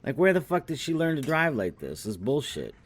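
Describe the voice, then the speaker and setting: A man co-hosting a podcast, recapping a movie in a profane, rambling chat that swings from animated to muttering. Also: fairly high pitch, brisk. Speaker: podcast co-host.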